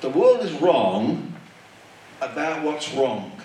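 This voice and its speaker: A man delivers a sermon in an emphatic, repetitive preaching cadence. His voice sits a little high and rises and falls with great animation. He speaks slowly, and the recording is captured from a distance in a very echoey hall. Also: sing-song, warm tone, a little hiss or hum.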